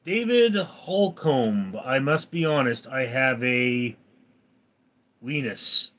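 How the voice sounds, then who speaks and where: A mid-range, animated voice belongs to a Californian man in his forties who runs a casual livestream. He reads out viewer comments slowly and answers them dryly in a slightly bright tone.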